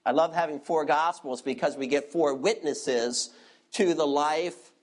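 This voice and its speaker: A man's voice: on the high side, unhurried. A man preaching an expository sermon as a pastor, asking the congregation rhetorical questions and directing them to turn to verses.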